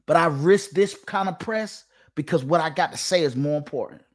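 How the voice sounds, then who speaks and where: A man's voice: fairly high pitch, moderate pace. A man giving a preachy direct-to-camera monologue, emphatic and repetitive, with a sermon-like cadence. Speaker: online commentator.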